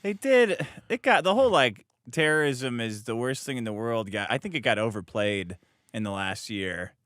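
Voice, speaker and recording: A man co-hosting a comedy podcast, dropping dry, quick one-liners into casual banter. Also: mid-range voice, lively intonation, fairly bright tone, no echo. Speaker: podcast co-host.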